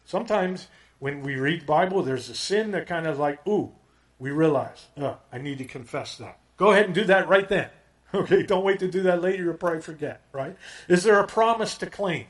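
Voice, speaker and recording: A man's voice: high-pitched, fairly quick. A man preaching a conversational sermon, often checking in with his listeners with "okay?" and "right?". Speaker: pastor.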